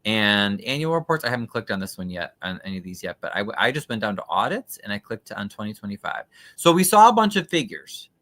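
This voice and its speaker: A man with a low voice and a bright, forceful tone hosts a casual livestream from his computer. He talks in a skeptical, chatty way, full of fillers, as he reads through documents on screen. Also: very animated, fast, few pauses. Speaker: livestream host.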